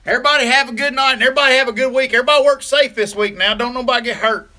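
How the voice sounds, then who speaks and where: High, very bright folksy man. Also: very fast. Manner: folksy, chatty, laughs easily. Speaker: live stream host. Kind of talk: casual live stream chat with viewers.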